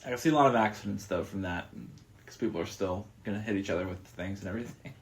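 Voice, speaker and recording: Animated opinionated man reviewing films. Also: fairly low pitch. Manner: animated, opinionated, quick to laugh. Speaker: podcast co-host. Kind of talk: casual movie review chat.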